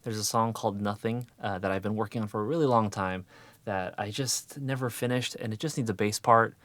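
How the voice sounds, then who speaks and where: Out in a sunny yard, a man in his thirties who vlogs about music talks casually, wandering off track, fixing his own words, and sounding wry. His voice is on the low side and fairly bright, he speaks a little fast, and the recording is dry.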